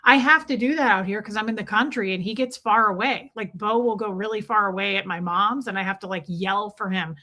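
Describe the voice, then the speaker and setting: A woman's voice: medium pitch, a little fast, few pauses, bright, forceful tone. A woman hosting a casual livestream, chatting playfully and reading viewers' names aloud. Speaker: livestream host. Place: countryside home.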